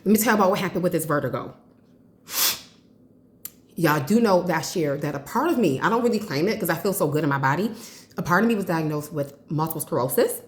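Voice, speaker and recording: A woman in her forties chatting casually to her viewers, an excitable storyteller who calls them y'all. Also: low-pitched, fast talker. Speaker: vlogger. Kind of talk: casual chat to camera. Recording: roomy echo.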